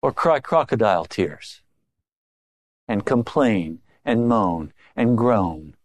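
A man preaching a sermon, moving between low confiding remarks and raised, emphatic exhortation. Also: expressive, slow, no room sound, clean studio sound. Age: older.

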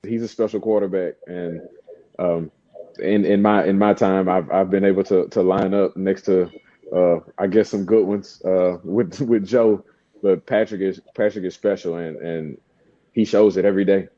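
A football player in a played interview clip, speaking haltingly with many restarts. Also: male voice, sits low, fairly even intonation, dark tone, no room sound. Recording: dull clip played on air.

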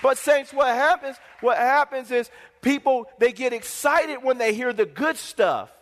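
A man's voice: very high voice, unhurried, a bit bright. A male pastor preaching a sermon in an emphatic, repetitive, call-and-response manner, with a long hall reverb.

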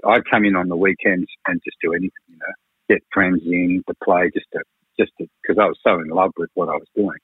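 A record producer spins long, frank anecdotes in a radio chat, leaning on "you know". His voice sits low with a husky grain. It comes through dry and tinny, like a phone line. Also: steady tone, brisk, no echo. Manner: rambling, frank, peppered with "you know" and swearing. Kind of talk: radio interview storytelling.

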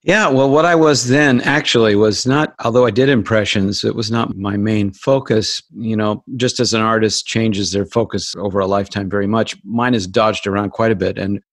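Playful actor guest. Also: male voice, lowish voice, steady tone, moderate pace, hardly any pauses, dry recording. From Hollywood, United States. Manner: playful, jokey. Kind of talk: casual interview chat.

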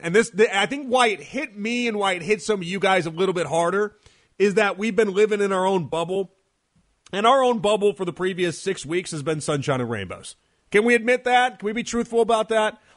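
A man's voice: high voice, a bit bright. A man hosting a sports radio show, delivering an emphatic, argumentative monologue and repeating phrases for effect. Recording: radio broadcast.

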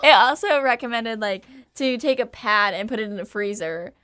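Bright candid woman storyteller. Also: on the high side, normal speed, clear, resonant tone, dry recording. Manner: animated, laughing, candid storyteller. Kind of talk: casual storytelling chat.

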